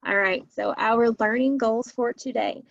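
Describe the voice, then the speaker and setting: Patient woman teaching phonics slowly. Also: on the high side, steady tone, creaky, highs cut off. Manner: slow, patient, repeats words for children to echo. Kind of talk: recorded phonics lesson for children.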